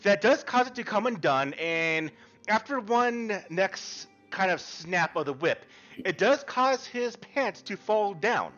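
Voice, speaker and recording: A man narrates a tabletop game as game master. His voice is high and bright and moves around a lot, and he describes scenes slowly with pauses. The recording is lo-fi, with faint music underneath. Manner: relaxed, halting description with fillers.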